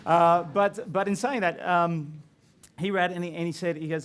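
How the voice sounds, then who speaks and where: A man's voice: sits high, steady tone, normal speed. A man, a filmmaker telling stories about his film in a casual chat at a screening. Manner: chatty storytelling with laughs.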